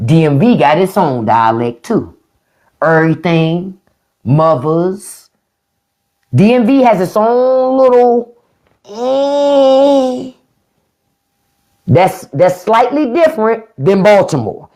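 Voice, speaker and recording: A woman's voice: mid-range voice, very animated, mellow. A middle-aged woman from the Washington DC area, chatting casually as a livestream host. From DMV area (Washington DC region). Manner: chatty, drawn-out word play, frequent laughs.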